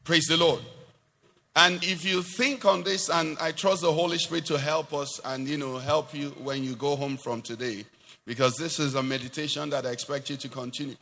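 A man's voice: a little high, fairly even intonation, a little fast, vocal fry, pushed and bright, in a large hall, faint music behind. A man preaching a sermon to a congregation, asking questions and rising into emphatic declarations.

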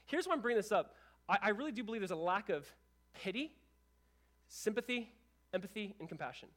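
A young adult male pastor delivering a sermon in an animated, conversational way, with quick asides to the congregation. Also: high-pitched.

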